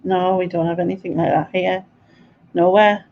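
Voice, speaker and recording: A woman's voice: on the low side, steady tone, normal speed. A woman from the UK hosting a live chat, talking casually and giggling often. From United Kingdom. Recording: dull lo-fi stream audio with faint background noise.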